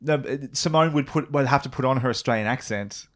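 A man's voice: mid-range voice, brisk. A man co-hosting a podcast, thinking aloud in a rambling, casual way. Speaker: podcast co-host. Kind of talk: casual chat.

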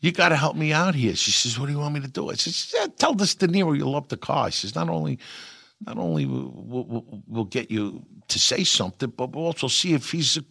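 An older man, an actor telling lively anecdotes in an interview and acting out the lines he quotes. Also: mid-range voice, brisk, creaky, slightly rough, no echo, studio quality. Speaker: actor guest. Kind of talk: storytelling interview.

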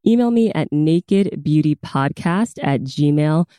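A woman's voice: deep voice, lively intonation, unhurried, dark tone, clear, resonant tone, no echo, clean studio sound. A woman hosting a podcast, chatting enthusiastically in a casual, rambling way as she introduces a guest. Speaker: podcast host.

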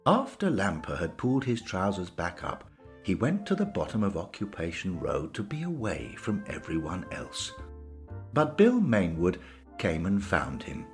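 Male storybook narrator; unhurried, very lively melody. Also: low-pitched, soft background music. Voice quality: lively, sing-song storytelling.

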